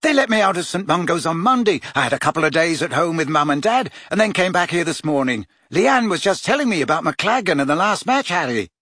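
A man's voice: a little high, animated, brisk, husky, no echo, studio quality, voice pushed up, heavily acted. A man doing a cheerful teenage girl. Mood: happy. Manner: bright, happy. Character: teenage schoolgirl, cheerful and healthy.

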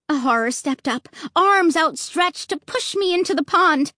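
High, lively woman reading a story. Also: a little slow, few pauses, no room sound, clean studio sound. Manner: lively, voicing dialogue with rising excitement. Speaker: audiobook narrator.

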